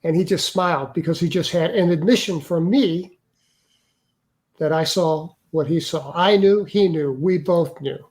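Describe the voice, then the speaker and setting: An older man, an interview guest, earnestly recounting a personal experience in a halting way with many restarts. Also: on the high side, a little mellow. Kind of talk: personal storytelling.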